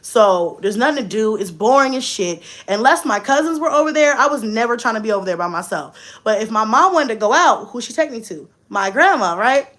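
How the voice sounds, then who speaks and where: A young woman, telling a story in a casual vlog, expressive and swearing freely. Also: fairly quick, hardly any pauses. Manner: expressive, swears freely, swings from low asides to shrieking and laughing. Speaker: vlogger.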